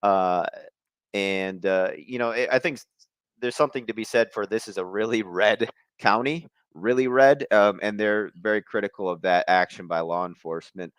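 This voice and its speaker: Smooth-voiced man reporting by call-in. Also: on the low side, no room sound. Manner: measured, thoughtful, chuckles now and then. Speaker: field reporter. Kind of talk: casual podcast interview.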